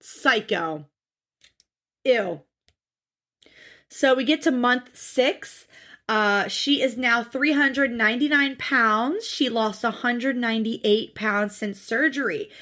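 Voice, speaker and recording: Play a woman podcast co-host with a fairly high voice. She tells the story in a blunt, animated way and swears without holding back. This is loose, casual recap chat between friends. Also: takes it slowly.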